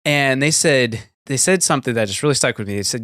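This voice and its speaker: Animated young American man telling a story. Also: medium pitch, fast, hardly any pauses, no echo, studio quality. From United States. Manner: storytelling, animated, acts out quoted people. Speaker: podcast co-host. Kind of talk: casual podcast conversation.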